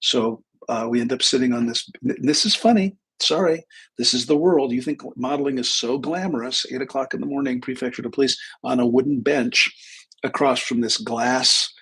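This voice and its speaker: A man's voice: medium pitch, animated, normal speed, a bit bright, husky, poor audio. A man in his sixties hosting a live talk stream, telling a rambling personal story full of asides and self-corrections. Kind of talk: casual anecdotal storytelling.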